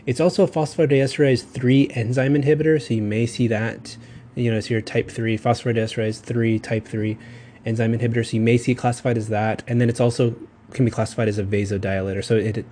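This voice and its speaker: A man with a Southern accent talks through a recorded pharmacology lecture at a middle pitch. He rambles casually, corrects himself mid-sentence and adds quick asides. A faint hiss of background noise runs under the voice. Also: warm tone. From Texas.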